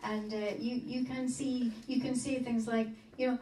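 A woman talking to a group of couples in a roomy hall, heard from a distance from the mic over background noise. Her voice sits a little high, and she stops often to restart with fillers. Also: level tone, normal speed, mellow. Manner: hesitant, with many fillers and restarts. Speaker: marriage course co-leader. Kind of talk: informal talk to a group of couples.

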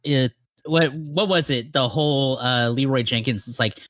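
A man co-hosting a casual podcast, talking in halting bursts, often stumbling over words and laughing. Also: medium pitch, a bit bright, no echo, clean studio sound. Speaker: podcast co-host. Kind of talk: casual chat.

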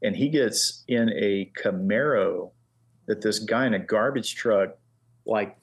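A man's voice: lowish voice, takes it slowly, creaky, slightly rough. A middle-aged man in casual conversation, telling long stories loosely with many fillers. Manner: relaxed anecdotes with many fillers. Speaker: guest, engraver. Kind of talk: casual chat, storytelling.

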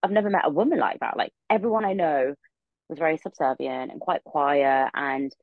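A woman's voice: low voice, normal speed, no room sound, phone-quality sound. A young woman, a podcast guest in her room, telling a story casually and rambling with many filler words.

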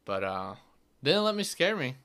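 A man's voice: mid-range voice, sing-song, moderate pace, pushed and bright. A young man hosting his own podcast, telling a story in a loose, casual way, full of fillers and swearing. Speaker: podcast host.

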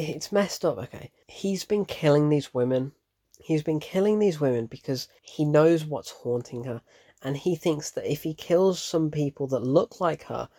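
A man giving a casual, animated spoken review of a horror film, openly frightened and often breaking off mid-thought. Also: medium pitch.

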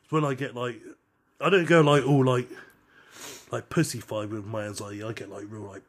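A man with a husky, slightly rough voice, co-hosting a casual podcast chat. He tells his stories in an animated way, swears freely and laughs in the middle of his lines. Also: medium pitch, normal speed. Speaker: podcast co-host.

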